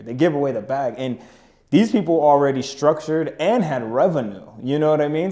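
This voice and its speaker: A young man, a podcast guest who runs a business, telling stories in a relaxed, slangy way and often saying "you know what I mean". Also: medium pitch. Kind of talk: casual storytelling chat.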